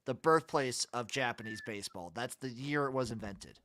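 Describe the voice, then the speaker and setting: A man co-hosting a casual sports betting podcast, listing his picks with dry, deadpan jokes. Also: mid-range voice, normal speed. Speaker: podcast co-host.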